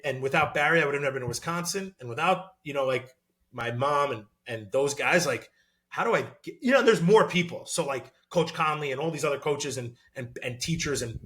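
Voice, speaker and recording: A man in his thirties, a former college football player, talking as a podcast guest in an animated, excitable way with lots of fillers. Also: fairly high pitch. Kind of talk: casual podcast interview.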